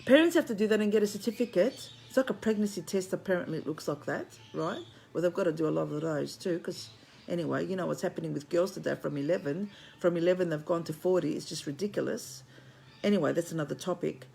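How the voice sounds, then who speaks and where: This woman is an online spiritual commentator, Greek by heritage and based in Australia, preaching bluntly to her livestream audience from home on a phone mic. Her voice is lowish, quick, creaky and dark, with slight background noise, and she curses openly while addressing viewers as friends.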